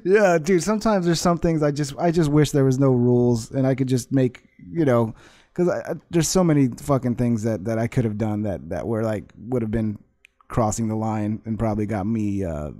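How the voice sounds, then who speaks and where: Mellow-voiced man mocking a video. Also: mid-range voice, expressive, moderate pace. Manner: laughing, swearing, mocking. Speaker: commentator reacting to a video. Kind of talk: casual reaction commentary. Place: at home with his dog.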